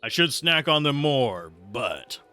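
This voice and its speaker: A man's voice: medium pitch, big pitch swings, slow pace, sharp tone, smooth, faint music behind. A man streaming gameplay live, chatting in a rambling, self-deprecating way while answering chat. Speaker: streamer playing a game live.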